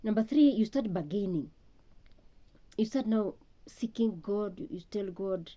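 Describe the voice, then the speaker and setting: A woman's voice: mid-range voice, animated, a little slow, warm tone. A woman giving an earnest, reflective talk on grief and loss, often repeating words as she searches for them. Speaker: speaker on healing from loss.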